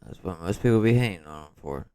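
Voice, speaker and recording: Low smooth man reacting casually. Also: animated, fast, mellow, dry recording. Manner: casual, street slang, asks questions aloud. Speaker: reaction video host. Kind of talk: reaction commentary.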